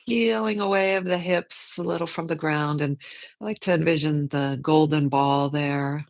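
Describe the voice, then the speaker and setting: A yoga teacher guiding a slow movement and meditation class, in a gentle, unhurried way, thinking aloud and correcting themself as they go. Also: medium pitch, fairly even intonation, vocal fry.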